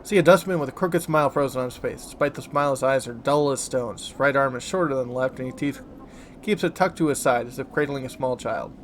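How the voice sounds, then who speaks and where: A man hosting a let's play, reading game text aloud with relaxed, offhand asides. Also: medium pitch, fast talker, slight background noise.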